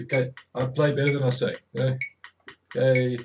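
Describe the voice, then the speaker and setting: A man's voice: mid-range voice, steady tone, brisk, a little hiss or hum. A man teaching drumming, counting rhythms aloud and correcting himself as he goes, with many fillers. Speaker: drum tutor. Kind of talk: instructional demonstration.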